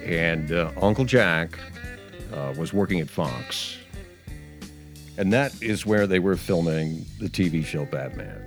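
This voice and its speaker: This radio or podcast host has a low, unhurried voice, with faint music playing behind him. Chatty and prone to tangents, he spins meandering stories on his casual show, frequently starting over and laughing.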